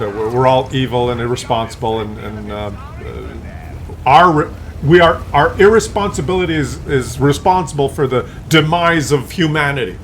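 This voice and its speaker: A man's voice: mid-range voice, fairly bright tone, a little hiss or hum. A man ranting in a rambling, profane monologue, full of fillers and restarts. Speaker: streamer.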